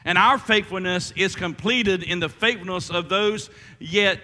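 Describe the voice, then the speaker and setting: A man's voice: sits high, a little slow, bright, forceful tone, in a large hall. A man preaching a sermon as pastor, stumbling through restarts and fillers and rising to emphatic calls.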